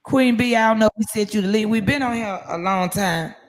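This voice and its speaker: A woman hosting a casual livestream from her phone, telling stories in a lively, profane way. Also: medium pitch, brisk. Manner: lively, profane storytelling with laughs. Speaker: livestream host.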